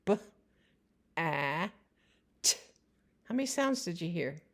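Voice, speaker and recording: A woman giving instructional narration for parents. She talks in a slow, careful way and spells out the sounds of words. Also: on the low side, animated. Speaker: teacher.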